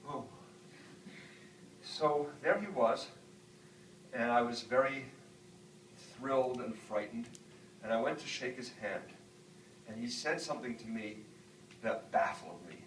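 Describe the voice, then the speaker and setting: With a medium-pitched voice, a measured pace and long pauses, a middle-aged author from the northern United States shares reflective stories with students, using many "um" fillers. It's a lecture with audience Q&A in a university hall, picked up from afar with echo and slight background noise.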